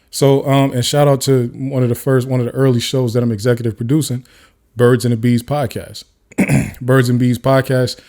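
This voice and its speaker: Fast-talking male podcast host. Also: mid-range voice, mellow. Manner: talks fast and off the cuff, with frequent restarts. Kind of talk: casual solo commentary. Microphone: camera-facing studio mic.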